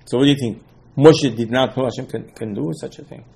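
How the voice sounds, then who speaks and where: A man teaching an animated Torah class, mixing Hebrew terms into his English and pressing rhetorical questions. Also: medium pitch, fairly quick, creaky, husky. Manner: repeats rhetorical questions, emphatic.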